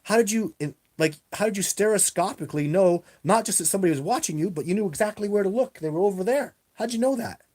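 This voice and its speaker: A man's voice: sits high, animated, fast talker, few pauses, a little mellow. A man hosting a casual livestream and answering viewer questions in a rambling, emphatic way, speaking into a webcam. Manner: rambling, emphatic, repeats himself. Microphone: webcam on a live video stream.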